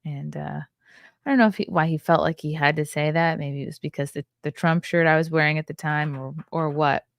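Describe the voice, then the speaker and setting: A woman's voice: sits low, steady tone, fairly quick, gravelly, no echo, studio quality. A tired, yawning woman hosting a podcast, chatting casually with her viewers and rambling between comments from the chat. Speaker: podcast host.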